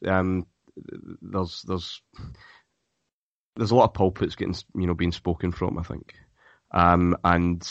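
A man with a very low voice talks football on a podcast, casual and opinionated. He keeps restarting his sentences and repeating words as he works out his point. The recording sounds dry and a little dull. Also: no echo. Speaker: podcast co-host.

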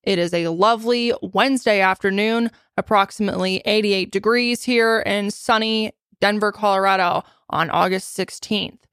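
A woman's voice: mid-range voice, moderate pace, fairly bright tone, clear, resonant tone, no echo, studio quality. A woman in her late twenties hosting a podcast in casual chat, playful and jokey with swearing. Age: 20s. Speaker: podcast host.

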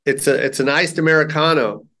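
A man's voice: a little high, brisk. A middle-aged man, a stand-up comedian, telling stories in a casual interview and acting out the people he quotes. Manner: animated, acts out quotes in character voices.

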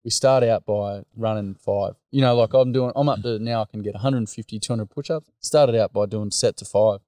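At a moderate pace and in a low, mellow register, an Australian man who runs workshops chats openly in an interview. The audio is studio quality with no echo, and he tells his stories in a blokey way, acting out what people said.

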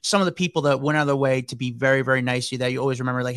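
A man co-hosting a podcast, chatting in a quick, agreeable way. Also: medium pitch, fairly even intonation, a bit bright, dry recording, clean studio sound. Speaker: podcast co-host. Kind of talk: casual chat.

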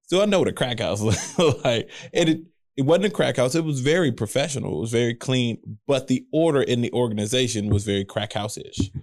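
A man's voice: mid-range voice, brisk, few pauses, a little mellow, dry recording, clean studio sound. A man in casual chat, jumping in with jokes and emphatic asides as a story is told. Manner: jokey, interjecting, emphatic.

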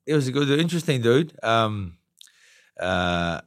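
A middle-aged man with a New Zealand accent, a guest telling stories in casual chat, halting with many fillers and restarts. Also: mid-range voice, sing-song, clear, resonant tone, no echo, clean studio sound. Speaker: guest, retired boxer.

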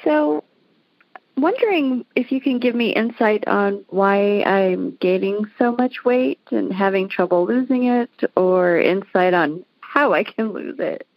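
A woman's voice: mid-range voice, unhurried, no echo. A woman in her forties from Iowa, calling in to a talk show and giving short, friendly answers. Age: 40s. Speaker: caller. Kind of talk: phone-in conversation. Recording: dull lo-fi line.

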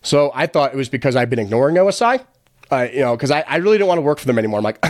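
This American man has an expressive mid-range voice and speaks very fast as a guest on a podcast. In a casual storytelling interview he tells his story bluntly with swearing, quoting others to retell events, on a dry, studio-quality recording.

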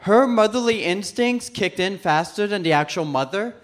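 High-voiced man telling a stand-up story. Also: moderate pace, a little hiss or hum. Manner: animated, acts out voices of people in the story. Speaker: stand-up comedian. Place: comedy club stage before a live audience.

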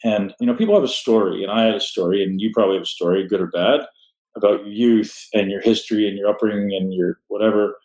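A man's voice: lowish voice, fairly even intonation, fast, darkish tone. A man hosting a podcast, giving blunt, emphatic motivational advice. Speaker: podcast host. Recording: roomy echo.

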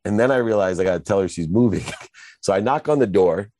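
A middle-aged man tells his story as an interview guest with strong emphasis. His voice sits very low and sounds dark and mellow. The recording is dry and close. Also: lively intonation, quick pace, no echo.

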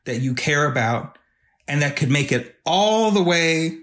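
A man's voice: a little high, expressive, a little slow, a bit bright. A man speaking as a podcast guest who makes videos. He talks in an earnest, reflective way and is openly emotional. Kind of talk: casual podcast conversation.

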